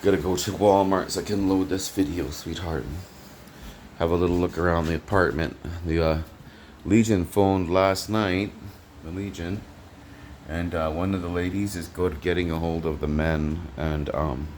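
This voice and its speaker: A man with a low, deep voice and a Canadian accent talks to a handheld camera in a small apartment kitchen. He rambles and halts, trails off with fillers, and speaks fondly in pet names. There is a faint hiss of noise behind him. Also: fairly even intonation, darkish tone. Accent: Canadian English. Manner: halting, full of fillers and trailing restarts; affectionate, talks in pet names to an absent listener and his cat. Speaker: vlogger. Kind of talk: rambling home vlog talk to camera.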